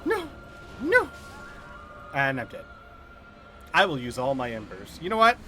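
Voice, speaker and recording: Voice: mid-range voice, huge pitch swings, unhurried, pushed and bright, soft background music. A streamer doing live commentary over a hard video game, exclaiming at each death and laughing it off.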